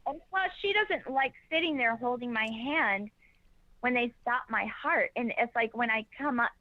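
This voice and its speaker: A woman telling a personal story in an animated way, slipping into the voices of the people she describes. Her voice sits fairly high, and the recording is dry and muffled, with a dull lo-fi sound. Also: moderate pace, no room sound. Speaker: guest. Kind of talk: casual interview storytelling.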